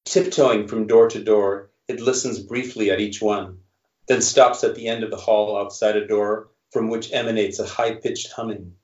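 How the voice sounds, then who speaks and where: A male author reading his own fiction aloud in a measured narration, then answering questions. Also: fairly low pitch, fairly even intonation, darkish tone. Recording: roomy, dull recording.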